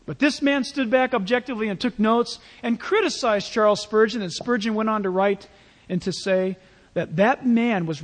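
A male pastor preaching a sermon in a church, in a conversational, animated way with playful asides. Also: sits high, big-room sound.

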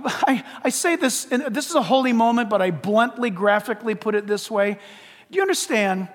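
A high-pitched male pastor delivers an earnest, blunt altar call, circling back on his points as he urges listeners forward. His voice rings out through a church sanctuary with a long reverb trailing each phrase. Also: fairly bright tone. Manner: earnest, pleading preacher, blunt and repetitive. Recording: long reverb of a large hall.

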